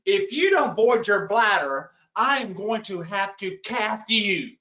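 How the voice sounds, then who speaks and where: A man's voice: high voice, lively intonation, takes it slowly, bright, forceful tone, reverberant, muffled recording, exaggerated voice. A man voicing a stern, no-nonsense female hospital nurse inside a story, curt and firmly insistent.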